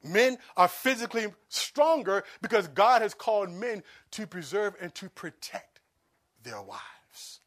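A man preaching a sermon as pastor, swinging between quiet asides and loud, pleading emphasis. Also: high voice, big pitch swings, unhurried.

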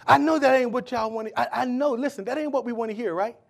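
A male pastor preaching a sermon, calling out to the congregation and swinging from loud bursts to hushed asides. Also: extremely high pitch, fast talker, vocal fry.

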